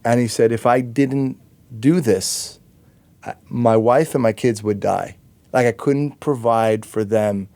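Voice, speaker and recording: A male podcast host with a mellow, dark-toned voice, speaking reflectively and circling back on his words. The sound is dry and close. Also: mid-range voice, slow, dry recording. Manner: reflective, with frequent fillers and restarts. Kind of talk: conversational interview.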